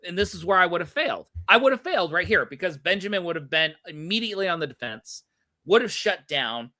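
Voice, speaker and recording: A man's voice: sits high, very animated, quick pace, bright, forceful tone. A man co-hosting a podcast, reflecting aloud on how he would have handled things. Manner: reflective, thinks aloud about what he would have done. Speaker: podcast co-host. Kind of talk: casual chat.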